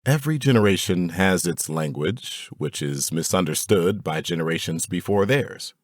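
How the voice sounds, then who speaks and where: Deep-voiced man reading fatherly advice. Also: animated, no room sound, studio quality. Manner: deliberate, instructive, addressing his son. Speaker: narrator.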